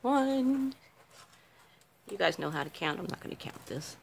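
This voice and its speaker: A woman's voice: medium pitch, animated, unhurried, creaky, slight background noise. A middle-aged woman making a craft video, chatting casually on a livestream, giggly and self-mocking.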